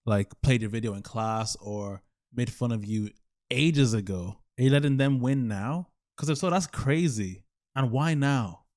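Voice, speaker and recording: A young man in his mid-twenties muses out loud on his own, circling back and questioning himself as he goes. His voice sits at an everyday middle pitch, and he talks in a loose, unscripted vlog manner. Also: moderate pace. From Ireland. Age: 20s. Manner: rambling, thinking aloud, self-questioning. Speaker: YouTuber. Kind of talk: solo reflective talk over gameplay.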